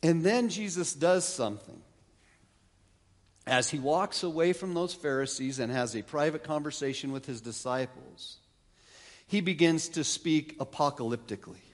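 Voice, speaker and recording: A man preaching a sermon as pastor, lively with wry asides and frequent restarts. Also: fairly high pitch, moderate pace. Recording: long reverb of a large hall.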